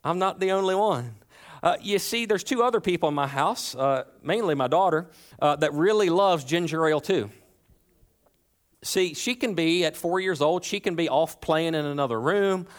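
Chatty, high-voiced male pastor preaching. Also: lively intonation, moderate pace. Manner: conversational and playful, with humorous asides and frequent restarts. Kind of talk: sermon. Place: church.

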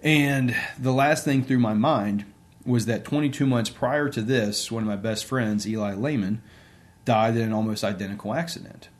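A man's voice: medium pitch, normal speed. A man, an interview guest and sports coach, telling a personal story in a casual, conversational way with many fillers.

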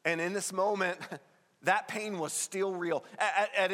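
A male pastor delivers an earnest, conversational sermon in a voice a little high for a man, fairly bright and at a measured pace. He presses hard on key points, and the long reverb of a big church hall rings around him.

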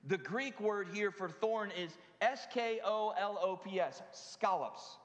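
A man's voice: high-pitched, expressive, takes it slowly, few pauses. A man preaching a sermon in a conversational way, with frequent asides to the congregation. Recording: long hall reverb.

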